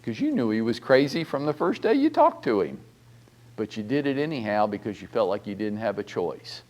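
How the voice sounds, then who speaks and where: A middle-aged man, a real estate broker, giving a blunt, animated training talk full of rhetorical questions and mild swearing. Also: lowish voice, a little fast.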